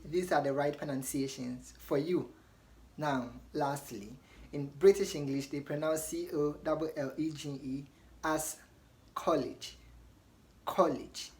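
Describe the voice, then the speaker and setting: A woman with a low-pitched voice gives a pronunciation lesson to her viewers. She spells each word out letter by letter, repeats the sounds slowly and checks in with "okay?" between examples. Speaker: English pronunciation teacher. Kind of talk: scripted lesson.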